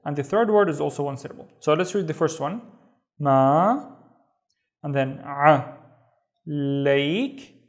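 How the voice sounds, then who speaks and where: A man's voice: a little high, lively intonation, slow, pauses often. A man teaching a beginner reading lesson, patiently sounding out syllables one at a time and repeating each word. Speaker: Arabic teacher. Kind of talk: slow step-by-step reading lesson.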